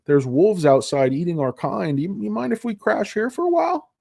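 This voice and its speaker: A man's voice: high-pitched, big pitch swings, normal speed, gravelly, darkish tone, no room sound, clean studio sound, voice pushed up, exaggerated voice. A man putting on an overly polite, ingratiating freeloader asking to move in. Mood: wheedling.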